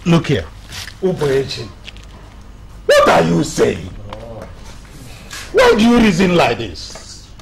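An actor with a Nigerian accent playing a council elder who questions slowly and sternly. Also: male voice, a little high, huge pitch swings, vocal fry, a loud crowd, heavily acted. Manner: slow, drawn-out questioning.

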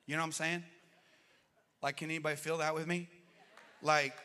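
A middle-aged man preaching a sermon as pastor, swinging between loud outbursts and hushed, slow passages. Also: a little high, flat delivery. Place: church auditorium. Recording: long reverb of a church hall.

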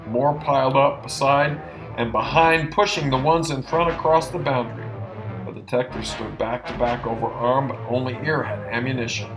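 A man reading an adventure novel aloud in an expressive, dramatic narration. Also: mid-range voice. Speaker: audiobook narrator. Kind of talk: audiobook narration.

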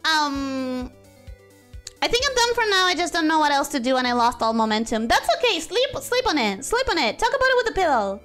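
With faint music behind her, a young streamer talks briskly in a high voice as she draws. Her casual chat rambles along in an animated way, and she frequently interrupts herself partway through sentences.

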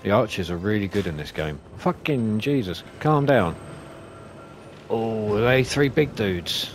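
Sweary gamer over game music. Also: male voice, lowish voice, measured pace. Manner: sweary, excitable, talks to enemies. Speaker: gaming YouTuber. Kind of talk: let's play commentary.

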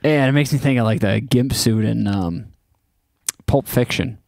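A man's voice: mid-range voice, moderate pace, creaky, a little mellow, no echo, clean studio sound. A man co-hosting a video reaction show, chatting casually and laughing often. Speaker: co-host reacting to music videos.

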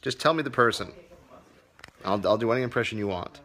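A man's voice: fairly low pitch, expressive, fairly quick, a bit bright. A man who teaches comedy, hosting a casual livestream Q&A, reading viewer comments aloud in a loose, profane way.

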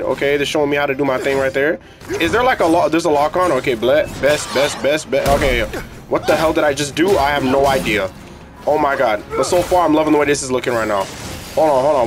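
An excitable young man doing casual let's-play commentary. His voice sits high and jumps around animatedly as he jokes and yells at the fights. Loud game music plays underneath. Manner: excitable, joking reactions, loud outbursts. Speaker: gaming streamer.

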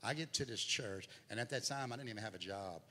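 Bright-voiced preacher in a hall. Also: male voice, lowish voice, fast. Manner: storytelling, voice swells and drops. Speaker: guest preacher. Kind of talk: sermon testimony. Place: church sanctuary. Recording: hall reverb, faint noise.

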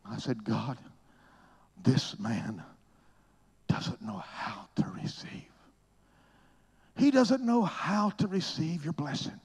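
An older man preaching a sermon with a husky, breathy voice. He takes his time, drops into hushed whispers, then bursts into loud, high exclamations. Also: huge pitch swings, takes it slowly, pauses often.

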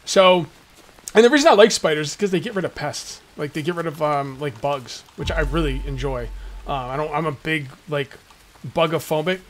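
A man with a fairly high voice talks through his gameplay in loose, jokey commentary. He rants to his viewers and slips into little mock voices as he goes. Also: normal speed, slight background noise. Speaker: gaming YouTuber. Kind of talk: casual let's-play commentary.

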